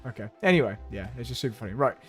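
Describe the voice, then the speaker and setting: A man's voice: mid-range voice, lively intonation, racing, slightly rough, faint music behind. A man chatting casually to his viewers while he drives in a racing simulator on a live stream, laughing easily as he talks.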